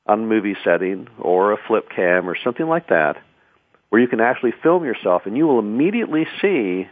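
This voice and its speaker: A man's voice: on the low side, no echo. A man hosting a radio talk show, giving conversational advice on public speaking and often restarting words. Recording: tinny phone-like radio sound.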